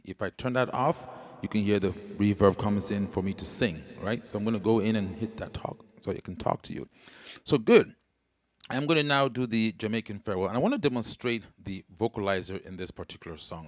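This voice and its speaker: His lowish voice is expressive and a little fast, with a long reverb tail. He's a man giving a casual livestream keyboard demo on a wireless handheld mic, guiding viewers through each step, singing, and keeping an eye on comments over keyboard music.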